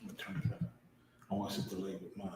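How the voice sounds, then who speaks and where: A man's voice: deep voice, monotone, quick pace, a little mellow. A man hosting a show, giving fervent, preacher-like commentary over video footage with blunt street slang. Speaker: podcast host. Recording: very echoey room.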